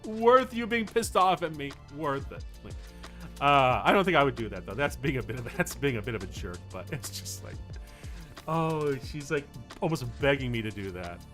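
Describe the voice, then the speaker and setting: A male streamer and voice actor chatting casually on a gameplay stream, his pitch swinging lively as he tells stories. He drifts into muttering to himself between menus, with faint music underneath. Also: normal speed. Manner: animated storyteller, chatty, mutters while playing. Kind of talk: casual gameplay livestream chat.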